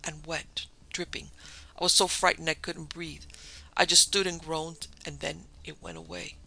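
A man's voice: fairly high pitch, level tone, moderate pace, vocal fry, sharp tone, exaggerated voice, low-quality recording. A man voicing a terrified male ship steward who pleads frantically and breathlessly.

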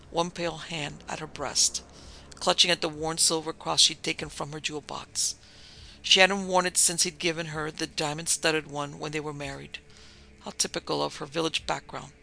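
Bright, gravelly male audiobook narrator. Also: on the high side, poor audio. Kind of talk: audiobook reading. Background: faint music.

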